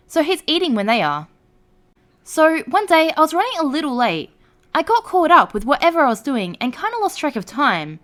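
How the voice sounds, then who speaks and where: A woman narrating online stories aloud in a lively storytelling read. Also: high-pitched.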